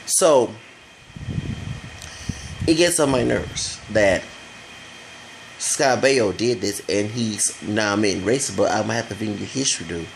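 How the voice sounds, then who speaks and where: A man's voice: lowish voice, lively intonation, a little slow, creaky, pauses often, slight background noise, low-quality recording. A man giving a rambling, blunt opinion rant for his vlog, swearing freely as he goes. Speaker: vlogger.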